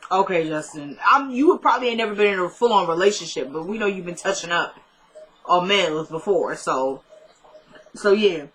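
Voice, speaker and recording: A woman's voice: lowish voice, expressive, normal speed, fairly bright tone, low-quality recording. A woman casually recapping a TV episode in a chatty, opinionated way, talking back to the characters as she goes. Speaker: TV recap vlogger.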